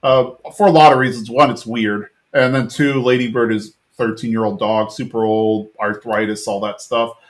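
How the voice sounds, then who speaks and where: A man's voice: medium pitch, steady tone, normal speed, few pauses. A man in his thirties casually recapping a cartoon episode on a podcast, rambling with lots of fillers and restarts. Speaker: podcast co-host.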